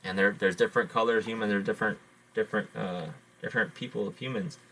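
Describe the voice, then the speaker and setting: Low-voiced man retelling a folk tale. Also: fairly even intonation, pushed and bright, slight background noise. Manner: halting, repeats words, fillers. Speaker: podcast host. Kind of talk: oral storytelling.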